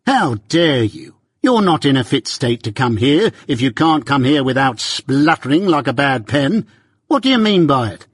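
A man reading an audiobook, voicing an obstinate male law clerk who snaps with sharp indignation. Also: a little high, very animated, unhurried, few pauses, breathy edge, dry recording, studio quality, exaggerated voice. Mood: indignant.

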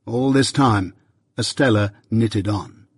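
A man giving a measured, earnest first-person reading of a novel, as an audiobook narrator. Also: fairly low pitch, breathy edge, no echo.

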